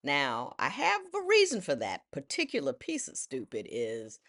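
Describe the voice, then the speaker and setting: Woman, 60s, lively self-deprecating storyteller who drops into quoted voices. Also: sits low, moderate pace. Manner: animated, self-mocking, acts out voices in quotes. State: widowed. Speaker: vlogger. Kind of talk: personal storytelling.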